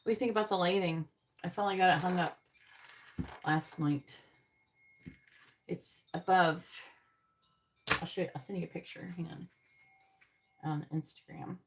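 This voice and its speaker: A woman's voice: fairly low pitch, fairly even intonation, normal speed, pauses often, background noise. A woman giving tarot readings on a live stream, chatting directly with viewers in the chat. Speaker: tarot reader.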